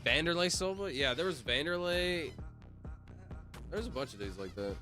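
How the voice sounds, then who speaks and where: A man's voice: fairly high pitch, expressive, moderate pace, pushed and bright, soft background music. A young man livestreaming, chatting casually with viewers in a rambling way full of fillers. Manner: rambling, talks to chat, many fillers.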